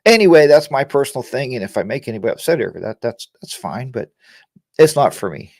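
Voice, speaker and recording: A middle-aged man hosts a relaxed live-stream about motorcycles, chatting loosely and wandering off into jokey asides. His voice sits at an ordinary middle pitch. It is recorded dry and close, with no room sound at all. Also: quick pace, dry recording. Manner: rambling and joking, chatty asides. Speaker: host of a live motorcycle chat show. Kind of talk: casual live-stream chat, reading viewer comments.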